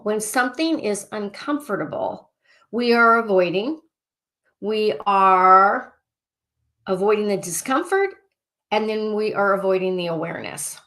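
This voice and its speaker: Her pitch sits in the middle as she hosts an informal group session as a life coach. Excitable, she loops around her points, returning to the same phrases and clearing statements again and again.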